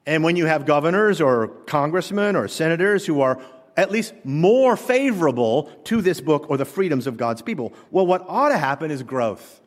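A man's voice: on the high side, sing-song, moderate pace. Emphatic male preacher in a reverberant hall. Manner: emphatic preaching with rhetorical questions. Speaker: pastor. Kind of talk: sermon.

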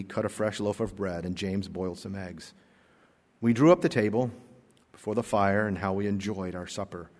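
Pastor preaching in a reverberant church. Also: male voice, on the low side. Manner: earnest storytelling, rising to emphatic exclamations. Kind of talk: sermon with read-aloud story. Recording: long hall reverb.

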